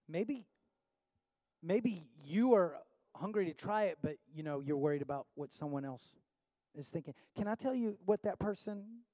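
A man's voice: fairly high pitch, mellow, no echo. A man pastor preaching a sermon with rhetorical questions, building to an impassioned altar call.

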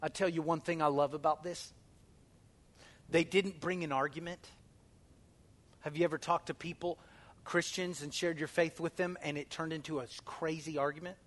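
High-voiced man preaching emphatically. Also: fairly even intonation, moderate pace, pauses often. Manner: emphatic call-and-response preaching, swinging from loud to hushed. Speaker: pastor. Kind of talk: sermon.

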